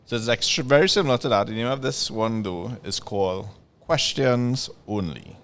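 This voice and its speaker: A man's voice: mid-range voice, moderate pace, fairly bright tone. A man co-hosting a podcast, jokingly explaining the rules of an icebreaker game. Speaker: podcast co-host running the icebreaker. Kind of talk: casual chat.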